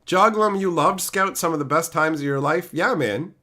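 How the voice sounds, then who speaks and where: A man's voice: on the high side, moderate pace. A man in his thirties, live-streaming and chatting with viewers by name, ranting with lots of profanity. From Canada. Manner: animated, profane ranting, answering chat by name.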